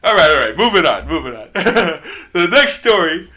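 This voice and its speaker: A man's voice: on the high side, sing-song, moderate pace, bright, forceful tone. Sex: man. Role: podcast guest host. Style: casual comedic chat. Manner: rambling, brash, laughing.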